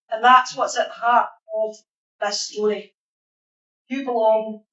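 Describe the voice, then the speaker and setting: A woman's voice: on the high side, steady tone, slow, long pauses, bright, forceful tone. A Scottish woman minister giving an informal, chatty sermon in a church hall, putting questions to the congregation. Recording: echoey hall, dull sound.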